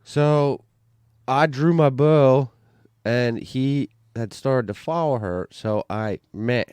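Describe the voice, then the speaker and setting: A man telling a hunting story on a podcast, excited and rambling, restarting sentences and swearing casually. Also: medium pitch, takes it slowly, clean tone, no echo. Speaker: podcast guest, bowhunter.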